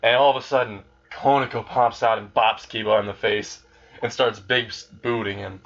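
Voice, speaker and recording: A man narrates a fan story in a loose, rambling way and swears without thinking about it. His voice sits low, and the recording is dull and muffled. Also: steady tone, moderate pace, fairly bright tone. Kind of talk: casual fan story retelling.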